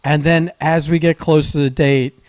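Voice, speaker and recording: A man's voice: fairly high pitch, little pitch movement, normal speed, a little mellow, no room sound. A man co-hosting a podcast, teasing his friend and explaining things at length. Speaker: podcast co-host. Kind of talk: casual podcast chat.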